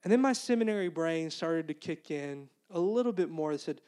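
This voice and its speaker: A man preaching a sermon in a fairly high voice. He keeps it conversational and earnest, and slips into the inner voices he once heard. He sounds like a young pastor. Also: expressive, fairly quick, darkish tone, clear, resonant tone. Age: young adult.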